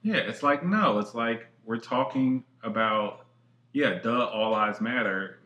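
A man's voice: mid-range voice, slow pace, pushed and bright. A man co-hosting a casual chat, emphatic and slangy with plenty of swearing. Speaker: podcast co-host. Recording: echoey room.

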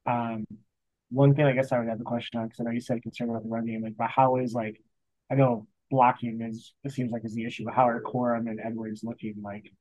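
Man, mid-pitched voice, hesitant casual sports chat, slightly muffled recording. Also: little pitch movement, fast, darkish tone, dry recording. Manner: hesitant, restarts his sentences. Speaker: podcast co-host.

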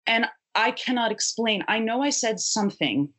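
A woman's voice: on the high side, lively intonation, normal speed, fairly bright tone, breathy edge. A woman and punk musician telling a long, wry, profane anecdote in casual conversation. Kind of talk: conversational storytelling.

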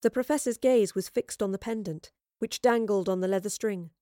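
A woman narrating a storybook reading in a steady, even way. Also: medium pitch, moderate pace, no echo, studio quality.

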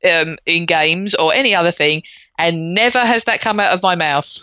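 A woman's voice: lowish voice, normal speed, bright, forceful tone, dry recording, muffled recording. A woman co-hosting a casual podcast, blunt and sardonic, swearing freely. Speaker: podcast co-host. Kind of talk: casual chat.

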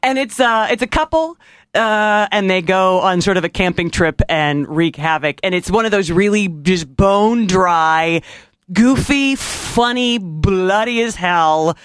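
A podcast co-host chatting excitedly about horror comedies. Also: mid-range voice, measured pace, clear, resonant tone, dry recording. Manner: gushing, excited. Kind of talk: casual chat about horror films.

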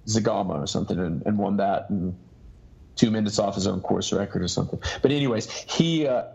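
A man being interviewed as an ultrarunner guest, telling a long story in halting bursts that keep restarting. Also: fairly low pitch, creaky, a little mellow, breathy edge, muffled recording. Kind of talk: casual podcast interview.

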